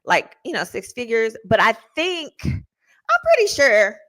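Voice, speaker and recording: A woman attorney hosting a show, telling stories in a casual, slangy, animated way with laughing asides. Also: fairly high pitch, measured pace. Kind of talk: casual storytelling chat.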